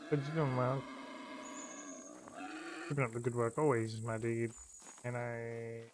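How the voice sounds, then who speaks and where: A man's voice: medium pitch, steady tone, measured pace, darkish tone. A man streaming a survival game, swearing freely and talking himself through the play. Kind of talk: live gameplay commentary. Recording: faint background noise.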